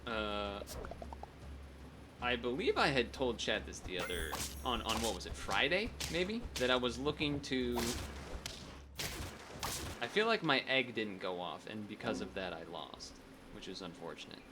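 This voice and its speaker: A man's voice: medium pitch, big pitch swings, unhurried, pauses often, noisy background. A man streaming a strategy game, chatting casually and thinking aloud, often restarting his sentences. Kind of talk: casual gameplay commentary.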